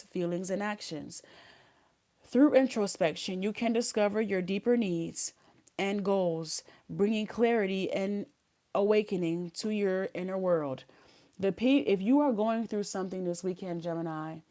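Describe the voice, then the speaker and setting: This tarot reader has a warm, mid-range voice. She gives a live reading, chatting casually in slang and reading the card messages aloud.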